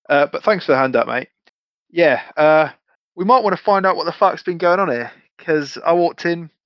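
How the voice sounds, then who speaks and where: A man with a slightly high voice plays his tabletop character, bantering in a matey, laid-back way and swearing freely. The recording is dry and slightly muffled, with no room sound.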